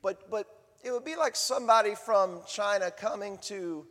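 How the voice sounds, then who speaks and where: A man preaching a sermon, animated, swinging from hushed lines to booming ones. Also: normal speed, in a large hall. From Southern United States. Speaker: pastor.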